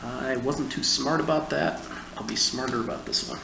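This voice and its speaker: A man's voice: medium pitch, normal speed, creaky. A man with a Midwestern American accent co-hosting a casual board game playthrough, easygoing and thinking his moves through aloud. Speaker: co-host. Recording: echoey room, faint room noise.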